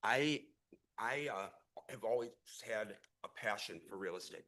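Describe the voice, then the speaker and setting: A man's voice: fairly low pitch, measured pace, pushed and bright. A middle-aged man who grew up in the St. Louis area, giving an impassioned, rambling speech as a real estate investor at a city council meeting. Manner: earnest, rambling, repeats and restarts words.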